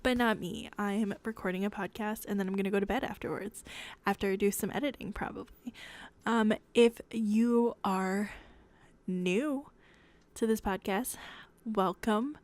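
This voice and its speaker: A young woman hosting her own podcast at home at night in a hushed, half-whispered voice, rambling and giggly and correcting herself as she chats casually. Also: mid-range voice, normal speed. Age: young adult. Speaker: podcast host.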